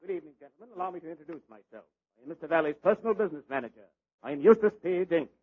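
A stuffy, husky business manager. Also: male voice, a little high, lively intonation, rapid-fire. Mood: stiff. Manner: stuffy, formal. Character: stiff, formal male business manager. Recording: tinny old radio broadcast.

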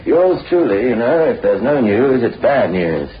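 An actor playing an eager young crime reporter who narrates the story, earnest and prone to stammered restarts, in an old-time radio drama. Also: male voice, medium pitch, big pitch swings, measured pace, breathy edge, full character voice. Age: young adult. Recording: dull old radio recording with music.

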